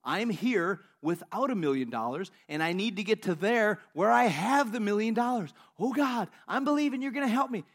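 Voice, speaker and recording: A high, gushing man pleading and pleading with God for a fortune, eager and breathless with hope. A preacher acts him out in his own voice. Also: expressive, normal speed, few pauses. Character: eager man begging God for a million dollars.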